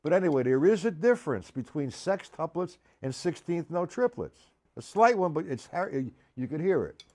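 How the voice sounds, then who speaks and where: With a sing-song, somewhat high voice and moderate pace, a man teaches drums on a live stream. He speaks to viewers by name, explains things patiently, and counts beats loudly above the drumming heard in the background.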